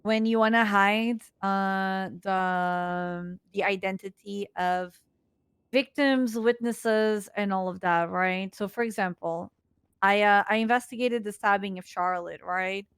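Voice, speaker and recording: A woman's voice: mid-range voice, steady tone, takes it slowly, fairly bright tone, clear, resonant tone, dry recording, studio quality. A woman role-playing a police officer, patiently explaining procedure step by step with fillers. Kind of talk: in-character role-play explanation.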